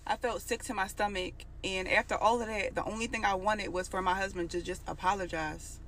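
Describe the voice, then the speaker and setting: A woman in early adulthood recounts a personal story in a loose, conversational way. Her voice sits in a middle pitch and carries strong feeling through the telling. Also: steady tone, brisk, a bit bright, a little hiss or hum. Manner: emotional, conversational retelling. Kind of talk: casual storytime.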